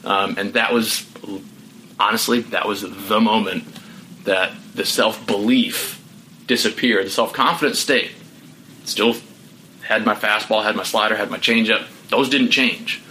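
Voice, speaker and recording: A man's voice: on the low side, fairly even intonation, measured pace, pushed and bright, slight background noise, poor audio. A middle-aged man, a podcast guest, telling his story candidly and reflectively, with many "you know" fillers. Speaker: podcast guest, former pro pitcher.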